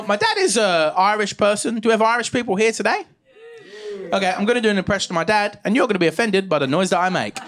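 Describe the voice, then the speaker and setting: A man, performing a stand-up comedy set on stage with animated storytelling and loud shouted punchlines. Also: high-pitched. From England. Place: comedy stage with a live audience.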